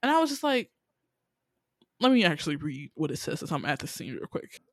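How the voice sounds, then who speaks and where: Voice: mid-range voice, no room sound. Incredulous young podcaster recapping a drama. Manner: animated, incredulous, swears freely, quick asides. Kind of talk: casual chat.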